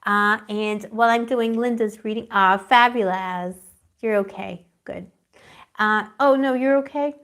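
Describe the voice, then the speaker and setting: A woman's voice: medium pitch, a little slow, fairly bright tone. A woman giving a live tarot reading, rambling and affectionate, calling her viewers pet names and searching dreamily for her words. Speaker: tarot reader.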